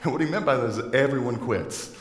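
A man's voice: mid-range voice, fast. A male pastor giving a sermon in a conversational, joking manner. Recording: echoey hall with long reverb.

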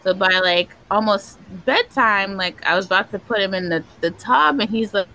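A woman's voice: medium pitch, normal speed, sharp tone, slight background noise, poor audio. A woman hosting a casual group chat among parents, telling stories and laughing often. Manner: laughs often, chatty storytelling. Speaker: parent support group host.

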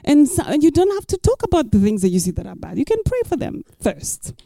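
Woman pastor preaching, higher voice but mellow, dry close sound, says stuff twice for emphasis. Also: huge pitch swings, a little fast, gravelly, no room sound. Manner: emphatic, repeats key lines. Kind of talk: sermon.

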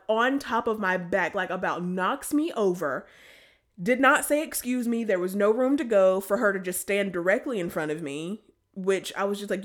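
A woman, chatting casually and telling an exasperated story, often acting out quotes. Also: medium pitch.

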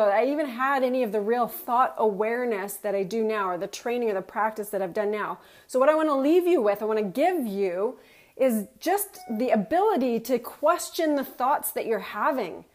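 A woman's voice: a little high, expressive, normal speed. A middle-aged woman, a motivational speaker, telling a personal story and acting out her own thoughts. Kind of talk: personal story told to an audience.

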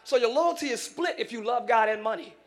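High-voiced pastor preaching with shouted bursts. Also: male voice. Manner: animated, shouting bursts and quick asides. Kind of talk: sermon. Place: church.

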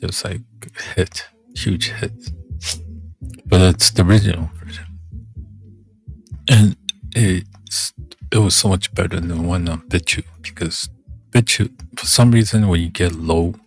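A man's voice: sits low, steady tone, unhurried, long pauses, faint music behind. A man talking casually in a meandering monologue, breaking off and humming filler tunes. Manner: meandering, self-interrupting, hums filler tunes.

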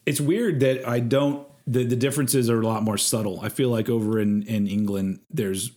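A man's voice: mid-range voice, fairly even intonation, normal speed, dark tone. A man from Texas co-hosting a podcast in casual chat, full of fillers and restarts, with the odd swear word. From Texas, USA. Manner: hesitant, filler-heavy, swearing. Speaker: podcast co-host.

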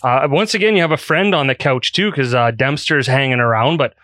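Jokey host, crisp, bright tone, laughs easily; clean dry mic. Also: male voice, mid-range voice, no echo. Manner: jokey, upbeat, quick to laugh. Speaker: podcast host. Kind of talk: casual podcast chat. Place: podcast studio.

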